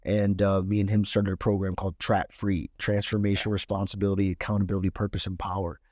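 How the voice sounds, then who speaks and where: A man's voice: low voice, level tone, quick pace, darkish tone, dry recording, studio quality. A young man from Cleveland telling his story as a podcast guest, candid and streetwise, swearing freely. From Cleveland, Ohio. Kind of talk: casual storytelling.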